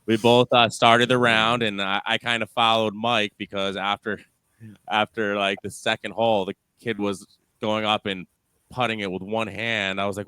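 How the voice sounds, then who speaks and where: A man hosting a podcast, talking in casual, excitable banter with some swearing and teasing. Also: fairly low pitch, normal speed, clear, resonant tone, dry recording. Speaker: podcast host. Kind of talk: casual chat.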